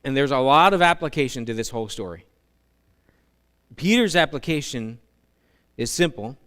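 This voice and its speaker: Brief: male pastor, animated storytelling sermon, smooth resonant voice. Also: mid-range voice, normal speed. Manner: animated storytelling with humorous asides.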